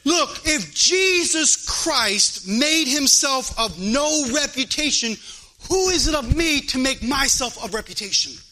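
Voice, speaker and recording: A preacher, a man, delivers a fervent sermon in a high, piercing voice. His delivery swells into a sing-song chanted cadence. The tone is sharp and forceful throughout. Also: lively intonation, slow pace, poor audio. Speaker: pastor. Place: church.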